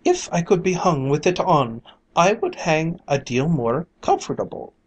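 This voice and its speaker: Reader putting on a scared grudging fella, begging, slow storybook voice. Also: medium pitch, wildly swooping pitch, breathy edge, voice pushed up, full character voice. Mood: wheedling. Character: frightened Irish man who hoards his luck.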